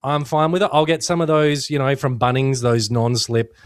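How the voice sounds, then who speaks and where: Laughing, swearing bloke. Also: male voice, medium pitch, moderate pace, noisy background. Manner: laughs a lot, swears freely, jokey storytelling. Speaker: podcast co-host. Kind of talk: casual chat.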